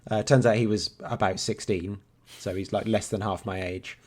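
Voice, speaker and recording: A man's voice: lowish voice, fairly even intonation, normal speed, darkish tone, husky. A man in his thirties, co-hosting a podcast in casual, rambling chat and swearing freely. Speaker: podcast co-host.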